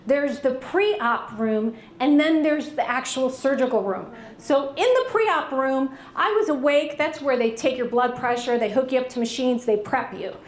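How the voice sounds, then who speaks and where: A woman in her forties doing a stand-up comedy set, animated and acting out voices in her stories. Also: high-pitched, normal speed, hardly any pauses. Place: virtual variety show stage. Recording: roomy, with loud crowd and noise.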